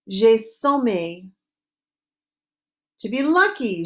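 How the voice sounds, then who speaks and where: A woman leads a recorded language lesson. Her voice sits a little high. She spells out each phrase slowly and carefully so listeners can repeat after her. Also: expressive. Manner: slow, clear modeling of phrases for repetition. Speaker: French teacher.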